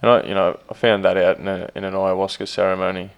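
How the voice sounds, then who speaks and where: Low gravelly man, laid-back. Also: flat delivery, fast talker, highs cut off. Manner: laid-back, swears casually, many fillers. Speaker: podcast co-host, stepdad. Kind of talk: casual chat.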